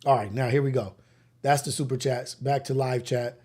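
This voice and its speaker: A man with a mid-pitched voice hosts a morning livestream. He reads out super chats one by one and thanks each viewer with blessings and shout-outs, sounding slightly out of breath. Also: steady tone, normal speed. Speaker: livestream host. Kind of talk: live show chat reading.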